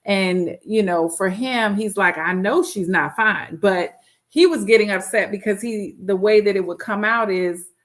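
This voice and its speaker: A woman's voice: medium pitch, normal speed. A woman, a guest pastor and wife, speaking casually and thoughtfully about marriage, with frequent ums.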